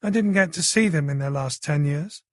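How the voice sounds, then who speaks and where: A man's voice: on the high side, a little fast, no echo, natural voice. A man reading an audiobook voices a young woman who teases her friend with dry humour. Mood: wry. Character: friendly teasing young woman, dog walker.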